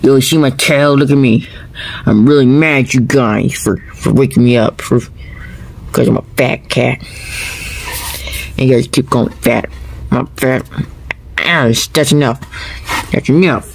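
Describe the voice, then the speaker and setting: A man's voice: mid-range voice, unhurried, vocal fry, long pauses, a little hiss or hum. A man voicing a grumpy, lazy fat male house cat in a home video, grumbling, complaining and making threats.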